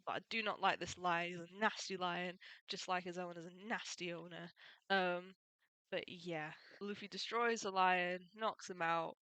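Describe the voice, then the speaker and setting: A woman's voice: fairly low pitch, sharp tone, smooth, no room sound, low-quality recording. A woman retelling a comic story in a casual, chatty way, adding opinionated and fond asides. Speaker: manga recap YouTuber.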